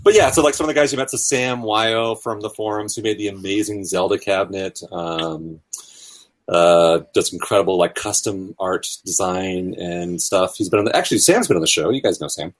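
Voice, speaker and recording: Brief: husky male host, mid pitch, rambling, swears casually, promotes an event. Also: moderate pace. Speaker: podcast host. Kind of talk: casual chat.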